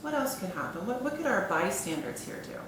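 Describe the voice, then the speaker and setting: A woman school counselor leading a role-play lesson for a child in her office, speaking in a calm, encouraging, praising way. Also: mid-range voice, a little fast. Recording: echoey room with background noise.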